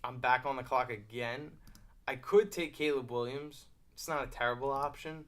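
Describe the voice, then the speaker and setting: A man hosting casual fantasy football commentary, thinking aloud with fillers and quick asides while drafting at his computer. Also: mid-range voice, fairly even intonation, fairly bright tone. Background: mouse clicking.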